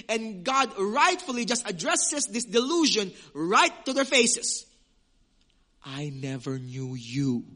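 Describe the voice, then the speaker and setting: A man preaching a sermon in an animated way, acting out small scenes and stretching key words slowly for emphasis. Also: high voice. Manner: animated, acts out little scenes with quoted voices. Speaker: pastor.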